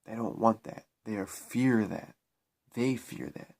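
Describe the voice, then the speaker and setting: A man's voice: lowish voice, measured pace, gravelly, a little mellow. Man preaching a spiritual vlog monologue. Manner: preachy, repetitive, emphatic restarts. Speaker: spiritual vlogger.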